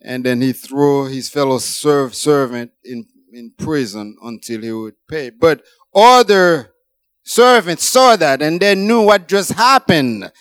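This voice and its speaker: A man preaching a sermon, emphatic, rising high for emphasis and then dropping low. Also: expressive, slow, fairly bright tone, clean tone, dry recording.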